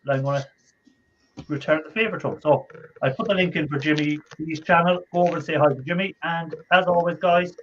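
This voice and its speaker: A man's voice: on the high side, fairly even intonation, brisk, a little hiss or hum. A man with an Irish accent hosting a casual livestream chat, chatty and friendly as he wraps up. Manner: friendly, rambling sign-off. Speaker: host. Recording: muffled lo-fi stream audio.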